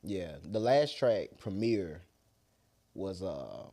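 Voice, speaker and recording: A man's voice: deep voice, sing-song, slow pace, dark tone. A young man from Atlanta with a Southern accent, chatting loosely as an interview guest and trailing off at the ends of thoughts. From Atlanta, USA. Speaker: rapper guest. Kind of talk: casual interview chat.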